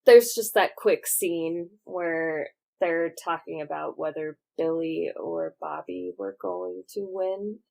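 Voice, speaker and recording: A woman co-hosting a podcast, chatting about a film in a relaxed way. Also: sits low, slow, creaky, hardly any pauses. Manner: relaxed and chatty, laughs often. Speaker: podcast co-host. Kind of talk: casual chat recapping a film.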